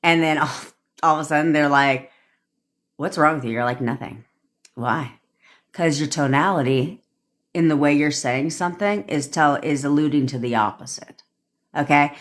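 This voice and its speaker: A woman's voice: low-pitched, normal speed. A young woman coaching on a phone livestream, talking in a blunt, profane, cocky way and laughing at herself. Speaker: manifestation coach. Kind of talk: casual livestream rant.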